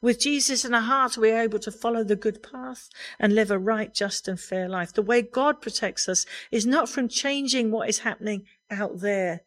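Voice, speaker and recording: A woman's voice: a little high, moderate pace. A middle-aged woman preaching a sermon in an earnest, conversational way, laughing lightly now and then.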